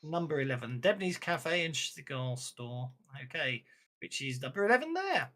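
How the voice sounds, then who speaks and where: A woman's voice: low voice, sing-song, normal speed, a bit bright. A woman with an Irish accent running a tabletop role-playing game as game master. She narrates casually, with fillers, restarts and frequent laughter. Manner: chatty, laughs often, many restarts and fillers.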